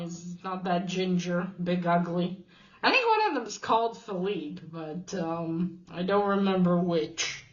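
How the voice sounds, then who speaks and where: A woman talks through a story's plot at an unhurried, slow pace. She halts often and fills the gaps with small fillers and restarts. The recording sounds a little dull and lo-fi. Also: medium pitch, a bit bright. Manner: hesitant, halting with many fillers and restarts. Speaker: video host retelling a comic. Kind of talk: casual plot recap.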